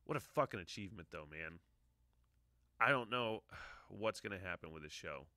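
Bright-voiced swearing man in his forties. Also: sits low, expressive, normal speed, dry recording, clean studio sound. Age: 40s. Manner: profane, emotional, sighing often. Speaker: podcast host. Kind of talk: casual rambling monologue.

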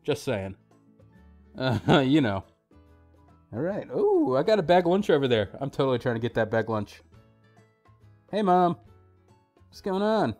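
A man hosting a let's play, giving casual gameplay commentary, excitable and joking as he talks back to the screen. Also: medium pitch, normal speed, long pauses, faint music behind.

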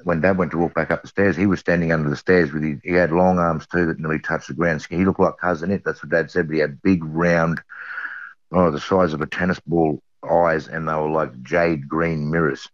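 An eyewitness, a middle-aged Australian man with a strikingly deep voice, earnestly recounts a personal story and keeps circling back to repeat his key phrases. He speaks briskly in a steady tone, and the recording is dry and dull, with a lo-fi feel.

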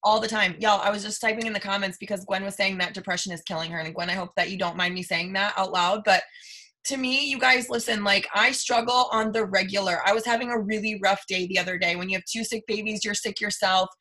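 A woman in her thirties gives a motivational talk to her team over a live video. Her voice is bright and forceful. She talks emphatically, repeats her points and keeps calling the listeners "you guys.". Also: mid-range voice, fairly even intonation, fast talker. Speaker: team leader.

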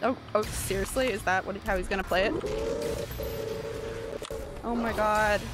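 A woman from Canada streaming a shooter game live, chatting casually, swearing and reacting loudly to the action. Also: mid-range voice, steady tone, a little slow, over music.

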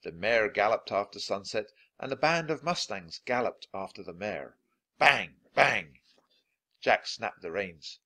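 Low-voiced man reading a children's book. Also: lively intonation, a bit bright. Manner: clear and deliberate for learners. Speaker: storybook reader. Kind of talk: children's book read-aloud.

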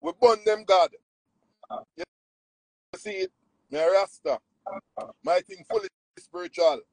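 A man who works as a Jamaican nutritionist tells casual spiritual stories at a measured pace, his gravelly voice animated and preachy with wide, bold pitch swoops. The audio is poor, dry and close, with no room sound.

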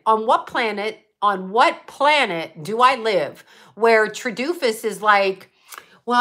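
Reading chat comments out loud and swearing freely, a Buffalo-area American woman rambles through a casual livestream she hosts. Her voice is a little high, bright, and forceful.

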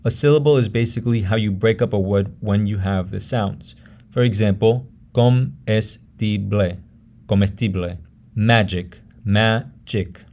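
A man narrating a pronunciation lesson in a measured way, saying example words slowly and often twice. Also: on the low side, warm tone. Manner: measured, repeats each example word slowly. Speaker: language teacher.

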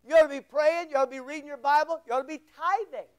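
A man's voice: very high voice, fairly even intonation, fast. A man preaching a sermon as pastor, emphatic and rhetorical, repeating his phrases.

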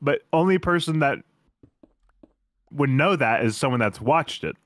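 A man's voice: medium pitch, expressive, a little slow, a bit bright, no echo. A young man chatting playfully over a game and laughing often. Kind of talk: casual gaming chat.

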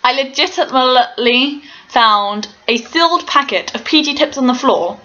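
A woman's voice: high-pitched, expressive, normal speed, bright, forceful tone. A young woman from England, rambling in a hyper, self-mocking way as she chats to camera at home. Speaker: vlogger. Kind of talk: casual chat to camera. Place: home room. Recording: dull lo-fi home video with faint noise.

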